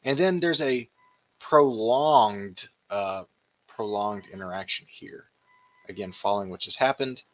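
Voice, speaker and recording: A man hosting a commentary show, retelling and mocking video clips in a casual, animated way. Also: on the low side, measured pace.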